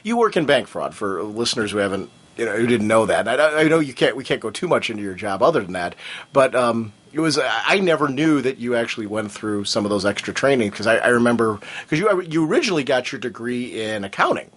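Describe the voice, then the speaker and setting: A man hosting a fan podcast, asking curious questions in a lively, casual way. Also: medium pitch, fast, husky. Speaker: podcast host. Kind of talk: casual chat.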